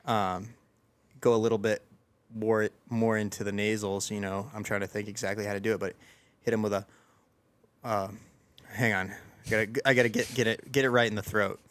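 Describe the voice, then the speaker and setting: A man's voice: lowish voice, flat delivery, normal speed, fairly bright tone. A young man hosting a podcast in casual chat, talking in a rambling, self-deprecating way with lots of fillers and restarts. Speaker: podcast host.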